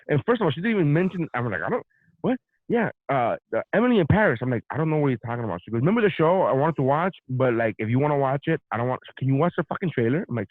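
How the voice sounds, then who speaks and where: A podcast co-host with a medium-pitched voice tells a story in casual chat, swearing a lot and narrating with animation. The recording is dry, over a tinny, phone-like line.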